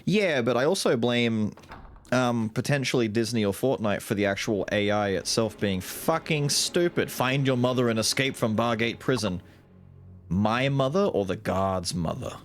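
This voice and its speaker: A man's voice: mid-range voice, normal speed. A man streaming a video game, giving casual commentary with crude, joking asides. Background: loud game music.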